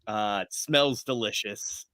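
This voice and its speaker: A man running a tabletop game as game master, relaxed and laughing often. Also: on the low side, slow, dry recording, studio quality.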